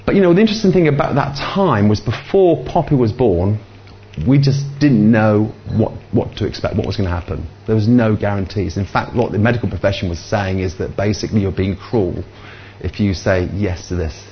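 Older preacher, halting storyteller, mid pitch, slightly dull recording. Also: male voice, a little hiss or hum. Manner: halting, many fillers and restarts. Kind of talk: sermon with storytelling.

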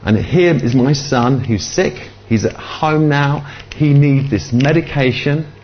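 A man's voice: medium pitch, measured pace, highs cut off, slight background noise, pitched above the performer's own voice, close to an everyday voice. A man voicing a flustered, anxious mother who pleads in a raised voice. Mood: upset. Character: flustered mother, middle-aged woman, anxious.

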